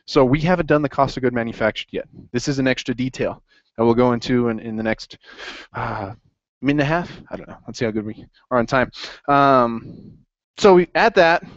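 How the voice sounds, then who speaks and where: A man teaching an accounting class in a lively classroom lecture, quizzing students as he goes. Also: mid-range voice, a little fast, no echo. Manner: upbeat, asks the class questions. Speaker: accounting instructor. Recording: dry, dull lo-fi classroom recording.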